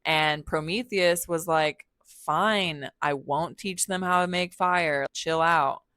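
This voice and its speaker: A young woman with a low voice retells an old story for her podcast in loose, slangy, irreverent chat. She swears freely and throws in the characters' lines in her own voice. The recording is dry and close, with no room echo. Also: slow pace, a bit bright. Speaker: podcast host. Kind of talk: casual storytelling of myths.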